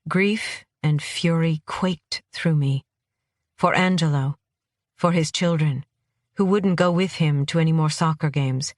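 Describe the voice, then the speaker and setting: A mid-pitched narrator reads a first-person thriller in a steady, even way. The sound is dry and close, with no room around it. The pacing stays measured throughout. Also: no room sound. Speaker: audiobook narrator.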